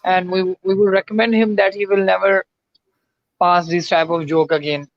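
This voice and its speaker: Man, high voice, calm, hesitant, lots of fillers, dry muffled audio. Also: normal speed, no echo. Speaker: livestream co-host. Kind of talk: live-stream moderation talk.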